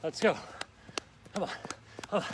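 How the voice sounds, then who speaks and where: A man's voice: moderate pace, background noise. A male fitness instructor coaching a live outdoor workout, upbeat and urging viewers on with countdowns while out of breath and sweating. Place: outdoors in a park on grass.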